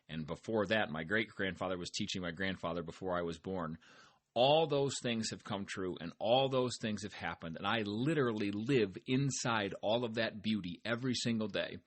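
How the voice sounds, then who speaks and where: With a fairly low, fairly bright voice, a farmer hosts his own podcast. He gives an easygoing, upbeat motivational monologue and often speaks directly to his audience.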